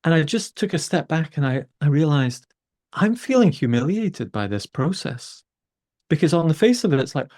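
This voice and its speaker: A man, a podcast host telling a story with exasperated, animated energy. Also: a little high, normal speed. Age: 50s. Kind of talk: conversational storytelling.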